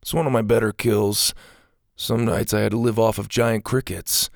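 Man doing a chill tough kid, slow drawl, gravelly and dry. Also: on the low side, steady tone, no echo. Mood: laid-back. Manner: laid-back, understated, drawling. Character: cool, laid-back tough boy survivor.

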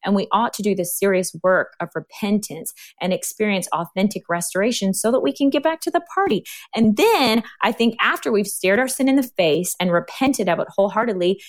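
A woman's voice: medium pitch, brisk, hardly any pauses. A woman guest on a podcast, talking in a reflective, earnest way and now and then playfully acting out quotes. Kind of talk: casual interview chat.

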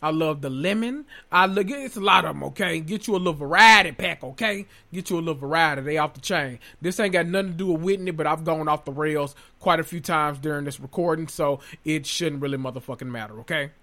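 Animated, profane man recapping TV. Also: on the high side, a little fast, few pauses. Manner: animated, profane, laughing asides. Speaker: podcast host. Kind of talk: casual reality TV recap.

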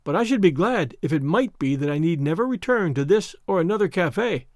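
A man's voice: on the high side, expressive, a little fast, a little mellow, no room sound, studio quality, lightly acted. A man reading aloud and voicing a young captive Arab woman who speaks in a breathless, pleading way. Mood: earnest.

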